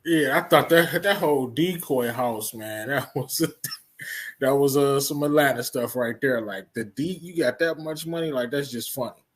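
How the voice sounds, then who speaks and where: A man with a Southern US accent, co-hosting a casual review chat, reacting in an animated way and laughing often. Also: mid-range voice, normal speed. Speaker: podcast co-host.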